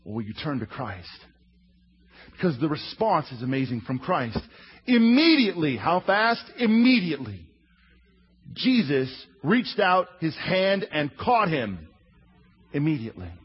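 Husky, animated male preacher, lo-fi sound. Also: a little high, measured pace. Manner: animated storyteller, acts out quotes. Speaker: preacher teaching a Bible lesson. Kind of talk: sermon, drawing while teaching. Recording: dull lo-fi sound.

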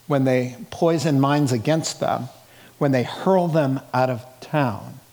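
A pastor preaching a sermon, telling stories with acted-out voices and joking with laughs between lines. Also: male voice, mid-range voice. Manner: animated, acts out voices in his stories. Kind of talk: sermon with storytelling.

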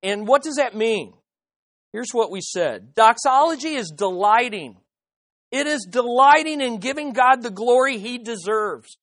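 A woman's voice: on the high side, animated, a little slow, a bit bright. A woman preaching a sermon, emphatic and leading the congregation in call-and-response.

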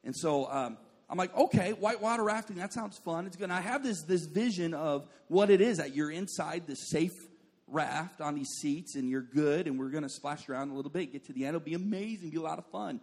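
A man's voice: on the high side, fairly quick, husky, in a large hall. A young adult man preaching a sermon, telling a funny story and putting on the voices of people in it. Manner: animated, jokey, acts out voices of people in his stories.

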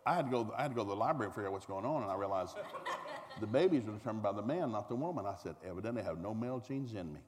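Middle-aged Southern man, comic storyteller, folksy, very lively pitch, long hall reverb. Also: very fast. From American South. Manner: folksy, animated, acts out voices, climbs high when excited. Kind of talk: comic storytelling to a live audience. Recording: reverberant hall with faint noise.

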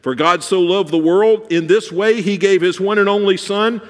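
A man preaching a sermon in a church, swinging between soft, drawn-out lines and emphatic, rising ones. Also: high voice, steady tone, long reverb tail. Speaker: pastor.

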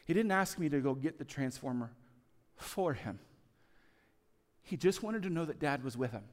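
A man preaching a sermon, telling stories with lively swings between loud, urgent lines and soft, hushed ones. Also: fairly high pitch, moderate pace, in a large hall. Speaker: pastor.

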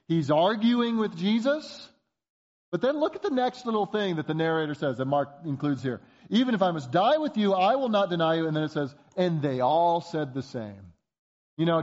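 A man's voice: on the high side, darkish tone, dull audio. A man preaching a sermon, emphatic, posing rhetorical questions at a varying pace. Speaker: pastor.

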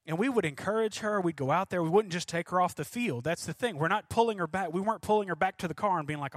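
A man, preaching a sermon in an animated storytelling way. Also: sits high, fast talker, hardly any pauses, dry recording, studio quality. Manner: animated storytelling, emphatic, voices his daughter and himself. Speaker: pastor.

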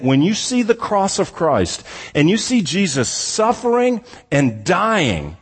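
A man preaching a sermon as pastor, earnest, slowing down for emphasis and then speeding up to argue. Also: a little high, breathy edge. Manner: earnest preaching, pace swinging from slow emphatic to rapid. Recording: reverberant hall.

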